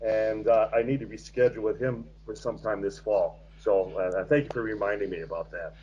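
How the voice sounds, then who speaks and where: An American man in his sixties, a guest author telling his story in a measured, reflective way with frequent hesitations. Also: fairly low pitch, steady tone, dark tone, breathy edge, dull audio. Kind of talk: interview conversation.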